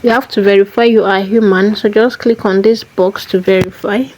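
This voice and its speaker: Lady doing a voice-over tutorial, mellow kinda dark voice, goes step by step n repeats stuff, mid pitch. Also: fairly even intonation, normal speed, rough recording. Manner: methodical, repeats key phrases. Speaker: tutorial host.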